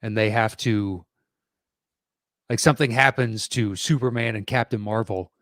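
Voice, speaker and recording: A man in his forties co-hosting a podcast in casual chat, hesitant and thinking aloud with pauses and fillers. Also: on the low side, fairly even intonation, fairly bright tone, no room sound, clean studio sound. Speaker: podcast co-host.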